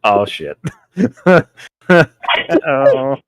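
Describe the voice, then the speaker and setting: A man's voice: medium pitch, sing-song, extremely slow, clean tone, no room sound. A man chatting casually as a co-host, telling laid-back stories and swearing now and then. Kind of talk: casual chat.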